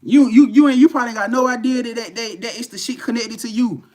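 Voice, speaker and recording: A man giving a live spiritual reading to viewers, talking in a profane, repetitive, animated way. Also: very high voice, quick pace. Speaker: tarot reader.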